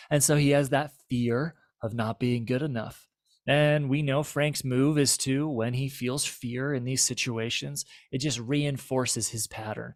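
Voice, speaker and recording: A man's voice: mid-range voice, fairly even intonation, measured pace, no room sound. Male therapist explaining relationship patterns, conversational and checking in with listeners, dry close recording. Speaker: marriage and family therapist. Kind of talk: explanatory teaching talk.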